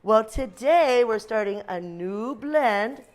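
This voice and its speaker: A woman's voice: on the high side, expressive, takes it slowly. A woman teacher leading a classroom phonics lesson for young children, sounding out letter blends and reading them a story.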